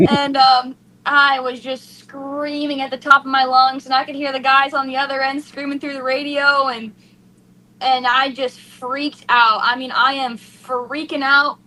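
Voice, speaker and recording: A woman's voice: sits high, a little slow, rough recording. A young woman racing driver, gushing and tearful in an emotional post-race interview. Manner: excited, gushing, breathless with emotion.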